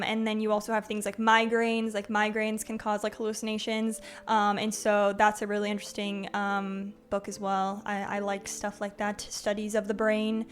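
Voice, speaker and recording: A young woman live-streaming, chatting casually with her viewers, with lots of "like" and "um", frequent giggles and greetings to chatters by name. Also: mid-range voice.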